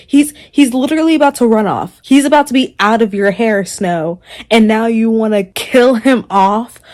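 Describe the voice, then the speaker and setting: Exasperated young woman ranting about a book. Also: mid-range voice. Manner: animated, exasperated ranting with frequent laughs. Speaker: book vlogger. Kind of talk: casual reaction vlog.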